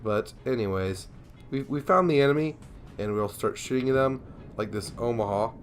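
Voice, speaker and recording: A man's voice: medium pitch, normal speed, faint music behind. A young man giving casual, rambling commentary over a naval war game, sleepy and yawning, joking at himself. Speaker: gameplay commentator.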